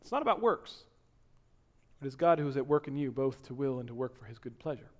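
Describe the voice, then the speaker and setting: A man preaching a sermon, dropping to hushed tones and then rising to loud, emphatic exhortation. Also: mid-range voice, animated, quick pace. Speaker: pastor.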